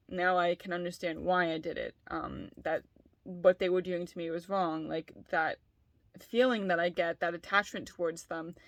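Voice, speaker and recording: A woman's voice: on the low side, a bit bright, no echo. A woman vlogging candidly, talking in a rambling, frank way with lots of fillers and swearing. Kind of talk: candid personal vlog.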